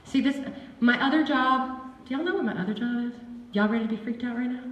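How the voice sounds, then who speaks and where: A woman giving a lively, chatty seminar talk on dog behavior to a live audience. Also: fairly high pitch, fast talker, far from the mic, dull audio. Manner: animated and chatty, acts out dog voices. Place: seminar hall. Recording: echoey room with faint ambience.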